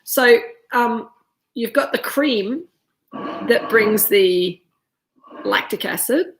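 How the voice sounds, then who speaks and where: A woman's voice: a little high, drawn-out words, background noise. A woman leading a casual live wine tasting class, chatting freely while chewing cheese. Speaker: winemaker leading a virtual tasting.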